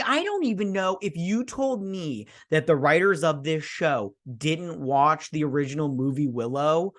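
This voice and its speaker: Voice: mid-range voice, lively intonation, measured pace, hardly any pauses, a bit bright. A host giving a casual, sarcastic recap and review of a TV episode, rambling with many fillers.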